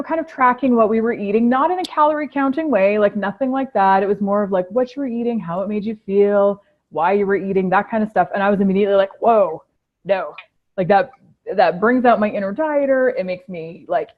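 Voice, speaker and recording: A woman guest in a casual interview telling stories animatedly and acting out her own past reactions. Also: mid-range voice. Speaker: program participant, interview guest. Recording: tinny phone-like line.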